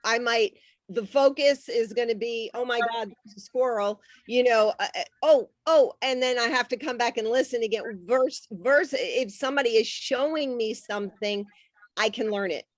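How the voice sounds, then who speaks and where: A woman's voice: a little high, moderate pace, no echo. A woman panelist chatting and telling stories with easy laughter. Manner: chatty storyteller, laughs easily. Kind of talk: panel discussion.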